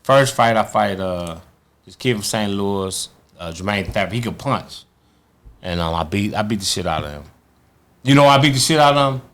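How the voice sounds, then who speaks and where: Animated man telling stories. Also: fairly low pitch, normal speed. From Chicago, USA. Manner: animated, profane, acts out quotes in others' voices. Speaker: guest, former boxing champion. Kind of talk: casual storytelling.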